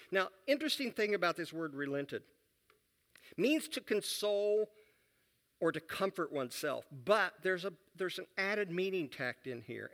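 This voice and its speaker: A man's voice: fairly high pitch, a bit bright. A man teaching a Bible lesson in a conversational way, repeating key phrases and asking his listeners questions. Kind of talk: sermon-style Bible lesson.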